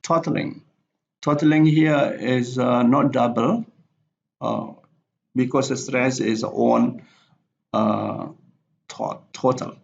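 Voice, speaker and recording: A male teacher giving a recorded slide lecture, halting with frequent fillers and self-corrections. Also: mid-range voice, steady tone, creaky. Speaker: English teacher. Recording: dull lo-fi recording.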